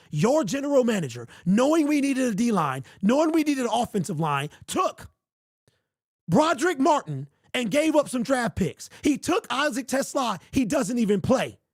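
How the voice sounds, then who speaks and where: This sports podcast host, a man with a high voice, runs a livestream show and rants heatedly, exasperated and repeating himself until his voice strains. The recording is dry and studio quality.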